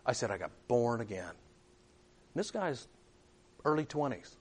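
A man's voice: medium pitch, sing-song, unhurried, slightly rough. A male preacher telling a story in a sermon, retelling a conversation and acting out the quoted voices.

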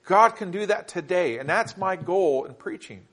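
Male pastor, slightly high voice, sermon delivery with dramatic loud-to-soft swings and slow word-by-word emphasis. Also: expressive. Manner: dramatic shifts between loud emphatic reading and quiet intimate asides; slow deliberate stresses on single words.

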